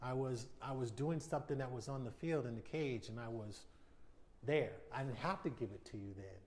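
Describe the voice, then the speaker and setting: A man's voice: mid-range voice, normal speed, a little mellow. An American man in his fifties, a guest in a sit-down TV interview, speaking candidly and reflectively. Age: 50s. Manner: candid, reflective, acts out quoted voices. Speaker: interview guest, retired baseball player.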